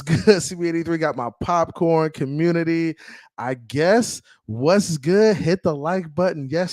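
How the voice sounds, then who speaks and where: A man's voice: medium pitch, a little mellow, dry recording. Hyped man hosting a fan livestream. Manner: hyped, slangy, greets chatters by name. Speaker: fan podcast host reading live chat. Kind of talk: casual livestream chat.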